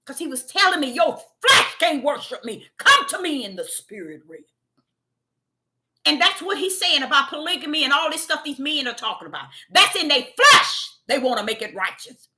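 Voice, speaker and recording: Woman preacher, exhorting, high bright voice. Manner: fervent, exhorting, retells visions in dialogue. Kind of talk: spontaneous sermon.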